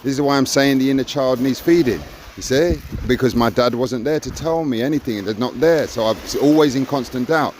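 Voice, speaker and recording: A man's voice: medium pitch, a little fast, few pauses, darkish tone, slight background noise. A man in his sixties in an emphatic, reflective conversation, often adding "see?" and acting out quoted encouragement. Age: 60s. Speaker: co-host of a personal growth talk.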